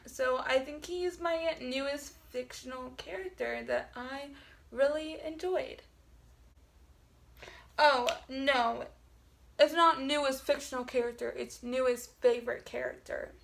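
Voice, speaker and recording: A woman's voice: high-pitched, creaky, fairly bright tone. A woman book vlogger chatting casually, rambling with lots of "like" fillers and self-corrections. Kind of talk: casual chat.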